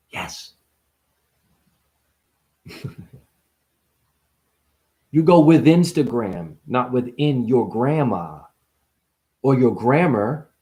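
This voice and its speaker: A man rambling through a spiritual vlog monologue, punning in rapid free association, swearing and laughing as he preaches. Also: mid-range voice, lively intonation, mellow. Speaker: spiritual vlogger.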